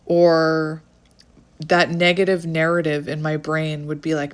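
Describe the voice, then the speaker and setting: A woman reading a self-help book aloud with candid, chatty personal asides, speaking affirmations slowly. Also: sits low, flat delivery. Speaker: tarot channel host.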